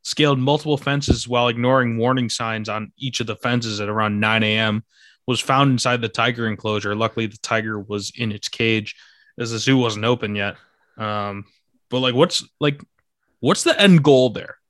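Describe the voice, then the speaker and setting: A man's voice: medium pitch, moderate pace, fairly bright tone, dry recording, studio quality. Laid-back young man hosting a podcast. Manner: laid-back, filler-heavy, reads news items aloud. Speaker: podcast host. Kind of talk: casual chat.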